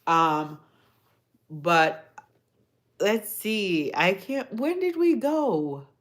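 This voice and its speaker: A woman's voice: medium pitch, big pitch swings, very slow. A woman hosting a livestream, chatting casually with viewers in a rambling, storytelling way and gushing about food. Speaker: livestream host. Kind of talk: casual chat answering viewers.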